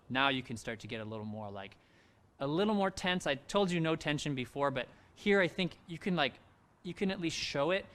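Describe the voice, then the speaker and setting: Man, handbell director, rehearsal coaching, encouraging, relaxed, bright tone. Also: medium pitch. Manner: sings rhythms on nonsense syllables. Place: home, recorded for a virtual event.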